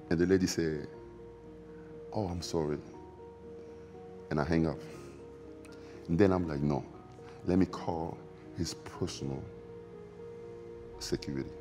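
A very deep-voiced man, speaking in a warm, dark tone as an interview guest. He pauses, repeats himself and lets his grammar slip while he recalls things, and faint music plays underneath. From Democratic Republic of the Congo. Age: 40s. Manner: halting, reflective, repeats phrases, loose grammar. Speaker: interview guest, former basketball player. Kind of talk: emotional recollection in a sit-down interview.

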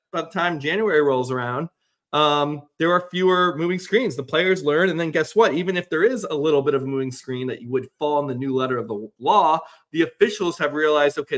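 A man's voice: on the high side, a bit bright. A man co-hosting a podcast, chatting casually about sports in a rambling way with lots of fillers. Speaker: podcast co-host.

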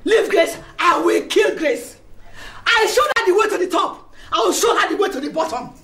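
A woman with a Nigerian accent playing a proud, furious senior woman of a ladies' club, ranting and shouting with scornful laughs in a film drama. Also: very high voice, lively intonation, normal speed, noisy background. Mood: raging. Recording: echoey room with music underneath.

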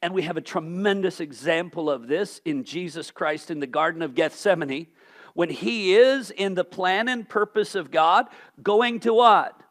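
A male pastor preaching a sermon, asking rhetorical questions and swinging from loud emphasis to hushed tones. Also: high voice, moderate pace.

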